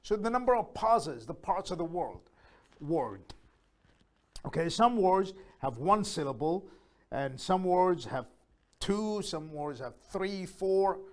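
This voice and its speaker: Man slowly repeating words for learners. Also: sits high, animated. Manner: slow, repeats words aloud to model pronunciation; patient, explains step by step with fillers. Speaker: English teacher. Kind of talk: beginner English lesson.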